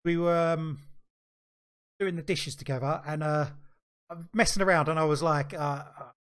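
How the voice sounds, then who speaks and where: A man's voice: on the high side, normal speed, clean tone. A middle-aged man co-hosting a podcast, telling an anecdote in casual chat and acting out the voices in it. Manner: animated storyteller, acts out quoted dialogue. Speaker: podcast co-host.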